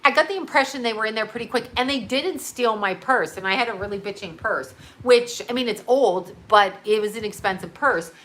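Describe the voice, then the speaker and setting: Bright chatty woman telling a story. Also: on the high side, a little fast, hardly any pauses, a little hiss or hum. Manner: rambling, chatty, swears freely. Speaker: livestream host. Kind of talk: casual storytelling to viewers.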